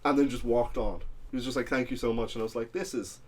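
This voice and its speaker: A young man with an Irish accent co-hosts a casual podcast, telling anecdotes in a loose, meandering way. His voice sits at an ordinary middle pitch, and his story keeps drifting along with plenty of ums and uhs. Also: steady tone, fast talker, slight background noise. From Ireland. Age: young adult. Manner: rambling anecdotal storytelling with many fillers. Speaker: podcast co-host. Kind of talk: casual chat.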